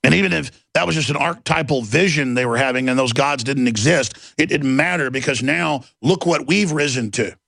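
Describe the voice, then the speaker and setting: A man's voice: medium pitch, fairly quick, vocal fry, hardly any pauses, a bit bright, no room sound. A man hosting a talk radio show, delivering an intense, rambling monologue with emphatic outbursts. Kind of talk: ranting monologue. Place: radio studio.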